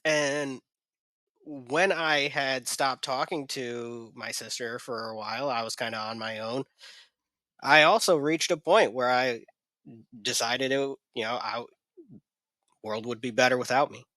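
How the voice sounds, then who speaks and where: A man speaking as a guest on a podcast, sharing hard personal memories haltingly, with many restarts. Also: medium pitch, bright, forceful tone, no room sound. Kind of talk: candid personal conversation.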